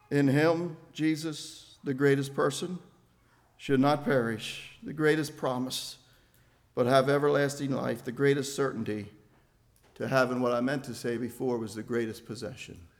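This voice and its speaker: An older man preaching a sermon, building to emphatic loud phrases and then dropping to a quiet, low delivery. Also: steady tone, unhurried.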